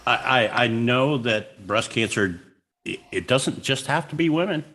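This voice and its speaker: A man co-hosting a casual livestream, telling a story in a halting way, with many restarts. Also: mid-range voice, animated, bright, forceful tone.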